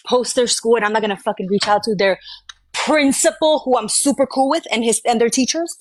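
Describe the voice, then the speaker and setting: A woman's voice: fairly high pitch, normal speed, slight background noise. A woman in a heated live argument, confrontational and taunting with constant swearing. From Georgia, US. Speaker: live stream participant.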